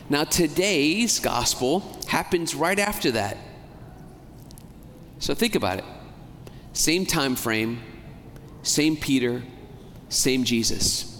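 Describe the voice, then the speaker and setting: A man preaching a homily as a priest, talking in a conversational way, asking the congregation questions and slowing down to stress key words. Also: fairly high pitch, a bit bright, slight background noise. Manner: slows down and stretches key words for emphasis. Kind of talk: sermon. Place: church. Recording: long church reverb, faint ambience.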